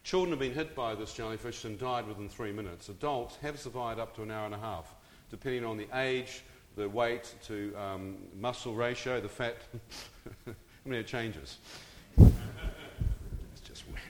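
A man's voice: lowish voice, normal speed. Middle-aged guy telling a story to a crowd, keeps asking them questions, voice rings around a big hall. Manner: addresses the audience with questions and asides. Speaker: speaker telling his story. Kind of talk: dramatic personal storytelling to an audience. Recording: long reverb of a large hall.

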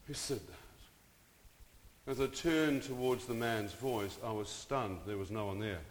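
A middle-aged man dramatically recounts his own story to an audience, often addressing them with questions and asides. He speaks at a normal speed in a lowish voice, and the long reverb of a large hall surrounds the sound.

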